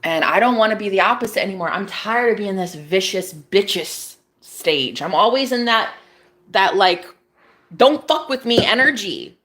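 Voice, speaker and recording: A young woman vlogging in a casual, rambling chat, cursing freely and breaking into high, exclaiming rants. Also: animated, moderate pace, fairly bright tone.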